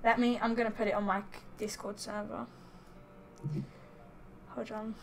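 A woman's voice: medium pitch, level tone, normal speed, vocal fry, a little hiss or hum. A woman chatting casually on a game live stream, bubbly and giggly, talking into a headset at home. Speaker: streamer host. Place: home setup, headset mic.

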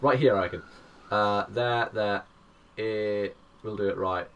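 A man in his twenties streaming a game live, excitable and chatty, greeting viewers by name. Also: on the low side, unhurried, distant mic. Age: 20s. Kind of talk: live gaming stream commentary.

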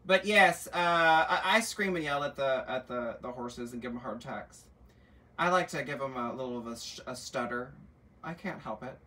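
In an indoor shop room, a middle-aged man runs a chatty live stream selling luxury bags, reading comments aloud and teasing viewers with animated, campy sass and plenty of asides. His mid-range voice keeps a normal pace and is captured from afar.

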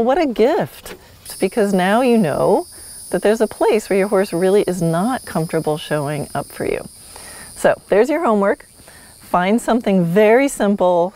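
A woman's voice: fairly low pitch, dark tone. A woman hosting a solo podcast, teaching horsemanship in a friendly, instructive way with light laughs.

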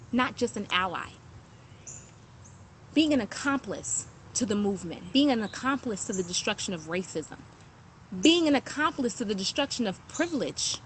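A woman hosts a live talk in a high, bright voice that swings widely in pitch. She is blunt and forceful and keeps pressing the same rhetorical questions on her viewers. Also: a little hiss or hum. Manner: emphatic, repeats rhetorical questions. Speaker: host of a live online talk.

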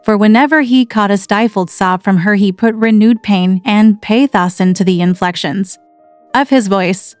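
Brief: female audiobook narrator, measured literary reading, close dry sound, light music bed. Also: medium pitch, a little mellow, dry recording. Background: faint background music.

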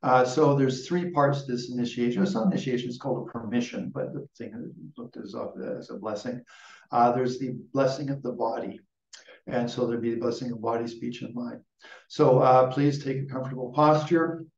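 An older man gives a dharma talk as a Buddhist teacher, rambling and restarting his sentences as he goes. His voice is gravelly. The recording is dull and roomy, picked up from a distance. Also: mid-range voice, fairly even intonation, moderate pace. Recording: dull, echoey room from far off.

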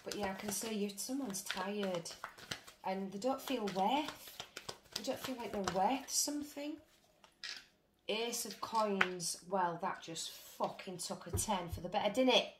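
A woman's voice: medium pitch, a little slow. A British woman doing a casual tarot reading, blunt, chatty and full of swearing. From Britain. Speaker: tarot reader. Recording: roomy with faint noise.

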